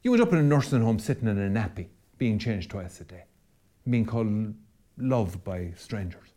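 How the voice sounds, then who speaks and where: A Catholic priest hosting a podcast argues with passion in a preacherly, rhetorical style, repeating phrases to drive his points home. His voice is fairly low and warm, animated, at a normal speed.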